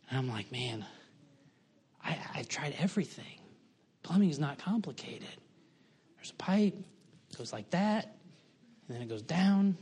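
Male preacher, middle-aged, folksy storyteller, pokes fun at himself, a bit high-pitched. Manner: folksy storytelling, self-mocking humor. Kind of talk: sermon.

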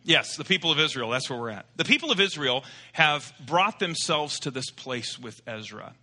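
A man's voice: mid-range voice, pushed and bright. A middle-aged man preaching a sermon, telling a story in a loose, rambling way before turning to scripture. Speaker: pastor. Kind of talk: sermon with a told joke.

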